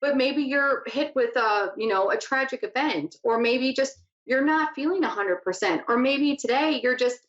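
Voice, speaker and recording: A woman's voice: high-pitched, normal speed, hardly any pauses, a bit bright. A woman hosting a psychic talk show, teaching in a casual, chatty way that often drifts off topic. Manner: chatty, laughs easily, wanders off topic. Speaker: psychic radio host. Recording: echoey lo-fi room sound.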